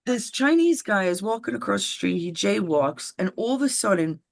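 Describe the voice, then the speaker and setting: A woman's voice: mid-range voice, lively intonation, moderate pace, vocal fry, dry recording. Woman, blunt and rambling, swears freely, dry close sound. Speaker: podcast co-host. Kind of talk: casual political chat.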